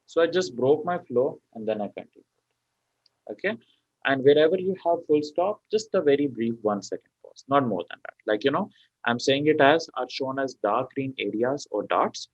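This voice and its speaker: A man teaching an exam prep class, talking his students through each point with plenty of okays and you-knows. His voice sits in a middle pitch and sounds dry and close, as if over a muffled video call. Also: expressive, normal speed, no echo. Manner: explains step by step with many fillers like okay and you know. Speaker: PTE exam tutor. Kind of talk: online class lecture.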